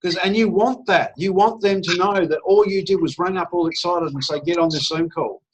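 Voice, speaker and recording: A man's voice: high voice, fairly quick, husky, low-quality recording. A man presenting at an online business meeting, talking in an enthusiastic, chatty way and acting out phone calls. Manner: enthusiastic and conversational, acts out phone chats. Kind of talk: persuasive sales pitch on a video call.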